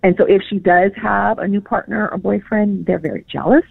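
Chatty california woman, gravelly voice, calling in on a thin phone line. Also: medium pitch, fairly even intonation, fairly quick, no room sound. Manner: chatty, laughs easily, many fillers. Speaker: pet psychic guest. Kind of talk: casual interview chat.

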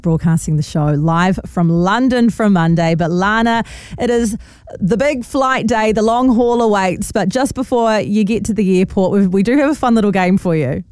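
A woman's voice: medium pitch, a little mellow, smooth, no room sound, clean studio sound. A woman co-hosting breakfast radio, upbeat as she introduces and wraps up segments. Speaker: fill-in radio co-host.

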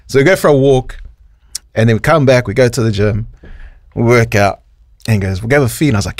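A man's voice: fast talker, long pauses, no echo, clean studio sound. A New Zealand man hosting radio, telling a funny story and acting out quotes. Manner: animated, acts out quotes in high voices, laughs a lot. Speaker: radio host. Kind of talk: storytelling on air, casual chat. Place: radio studio.

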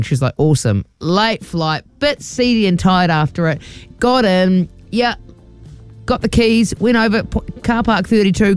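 A woman's voice: fairly low pitch, darkish tone, dry recording. A woman, co-hosting a radio show and telling a story with acted-out quotes. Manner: chatty storyteller, acts out quotes. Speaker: radio co-host. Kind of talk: casual radio chat.

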